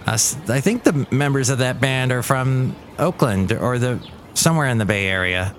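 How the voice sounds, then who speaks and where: A man's voice: mid-range voice, animated, normal speed, a little hiss or hum. A man hosting his own podcast in a rambling, playful monologue. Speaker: podcast host. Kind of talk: casual comedic monologue.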